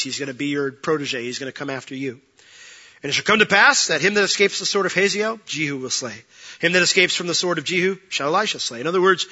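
A man preaching a sermon, animated, swinging between loud bursts and hushed asides while acting out the quoted voices. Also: a little high. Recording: dull lo-fi sound.

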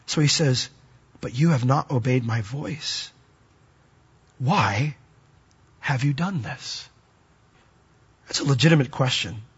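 A man preaching a sermon as pastor, animated, his voice rising for emphasis and dropping to a hush. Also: fairly high pitch, breathy edge, lo-fi sound.

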